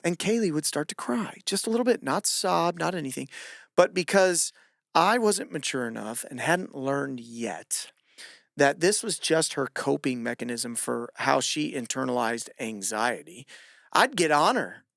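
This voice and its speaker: A man who hosts a podcast and coaches gymnastics, telling stories in casual chat and acting out lively quotes. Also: a little high, unhurried, gravelly, dry recording, studio quality. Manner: animated, acts out shouted quotes.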